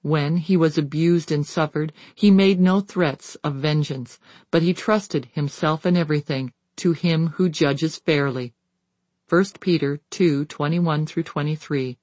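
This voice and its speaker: An audiobook reader delivers a devotional book in a measured, steady cadence, citing scripture verses plainly. The mid-pitched voice is recorded close and dry, with no room sound or echo.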